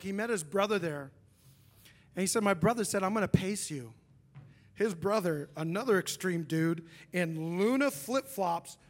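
A young man preaches from the pulpit, his voice sitting high as he tells a story. He jokes at his own expense and slips into his friend's words as he goes. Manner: animated, self-deprecating storyteller, acts out a friend's lines. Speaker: pastor. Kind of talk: sermon with storytelling.

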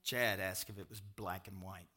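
A middle-aged pastor with a Kentucky accent, preaching a sermon in an emphatic storytelling manner that swings from exclamations to low confiding asides. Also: male voice, fairly even intonation, normal speed, very noisy.

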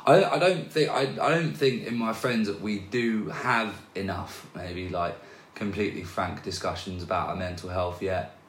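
Low-voiced man talking haltingly in echoey room. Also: slight background noise. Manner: hesitant, with many restarts and fillers. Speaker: podcast guest, DJ. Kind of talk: casual conversational interview. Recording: roomy echo.

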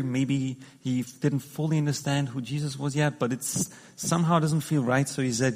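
A man's voice: medium pitch, fairly even intonation, normal speed, a little mellow. Man preaching in a reverberant hall. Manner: conversational, hesitant, many restarts and fillers. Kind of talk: sermon.

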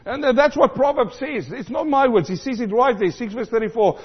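A man from South Africa preaching a sermon, animated, repeating lines for emphasis and acting out the voices he quotes. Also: extremely high pitch, fairly quick, husky. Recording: dull sound in a large reverberant hall.

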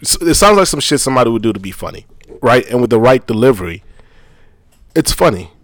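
A man's voice: mid-range voice, sing-song, fairly quick, no echo. A man in his thirties co-hosts a podcast, chatting casually and breaking into laughter as he tells stories. His voice sits mid-range and sounds dry and close to the mic. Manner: laughing, storytelling. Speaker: podcast co-host.

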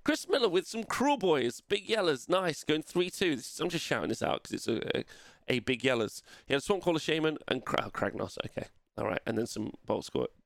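A man's voice: on the high side, sing-song, fairly quick, vocal fry, no echo, studio quality. A man hosting a show and casually running through tournament results, rambling with lots of fillers and self-corrections. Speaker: host.

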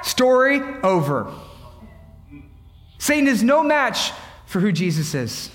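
Impassioned high-voiced male preacher. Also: big pitch swings, slow pace, long pauses, echoey room, in a large hall. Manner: impassioned, dramatic, acts out quotes, builds to shouts. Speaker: pastor. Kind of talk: sermon.

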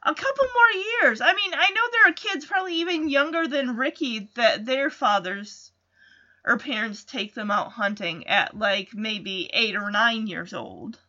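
Give me a bright, chatty woman recapping a TV episode. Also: fairly high pitch, unhurried, muffled recording. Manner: chatty, digressive, with frequent asides and self-corrections. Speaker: podcast host recapping a TV episode. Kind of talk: casual recap commentary.

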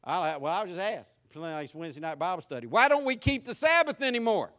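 A man's voice: high-pitched, sing-song, quick pace, bright, forceful tone. A man with a Southern US accent preaching a sermon, folksy and emphatic. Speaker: pastor.

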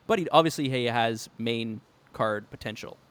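A man of ordinary pitch chats on a podcast with eager energy, often breaking into laughs. He talks in quick bursts when excited. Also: clear, resonant tone, no room sound. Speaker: podcast co-host. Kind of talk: casual podcast chat about wrestling.

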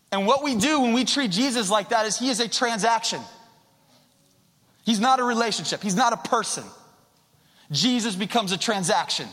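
A man preaching a sermon into a handheld mic, conversational and swinging from quiet to loud. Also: extremely high pitch. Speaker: pastor. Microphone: handheld microphone. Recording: long hall reverb.

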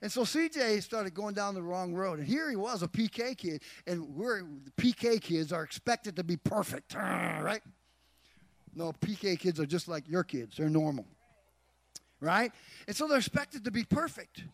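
A man's voice: high-pitched, expressive, moderate pace, dry recording. A middle-aged man preaching a sermon, emphatic, asking the congregation rhetorical questions. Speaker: pastor.

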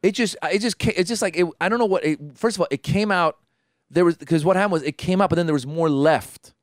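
A man tells a story to his friends in a smooth, slightly high voice, close and dry on the mic. He talks in an animated way, restarts his sentences often and acts out the voices of the people in the story. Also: quick pace, no room sound. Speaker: podcast co-host telling a story. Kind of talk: casual chat.

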